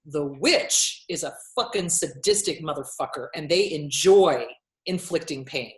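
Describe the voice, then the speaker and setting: A woman's voice: low voice, expressive, measured pace, roomy sound. A woman therapist in casual interview talk, blunt and swearing freely, acting out quotes as she explains. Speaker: therapist and author.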